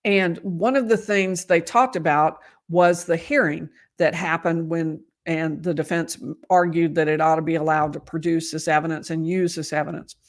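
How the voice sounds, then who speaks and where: A woman's voice: low voice, steady tone, moderate pace, few pauses. A woman lawyer giving conversational live commentary on a court case, losing her voice and often restarting her sentences. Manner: conversational, restarts and emphatic asides.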